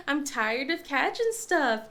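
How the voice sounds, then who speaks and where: A woman's voice: high-pitched, big pitch swings, takes it slowly, pushed and bright. A woman in her thirties, sick with a cold, chatting casually as a crafting vlogger, laughing often and acting out her kids' voices. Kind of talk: casual chat.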